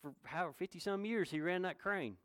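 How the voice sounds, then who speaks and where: A middle-aged man preaching a sermon in a folksy, earnest way, building to loud proclamations. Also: sits high, a little fast, smooth, dry recording, studio quality. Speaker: pastor.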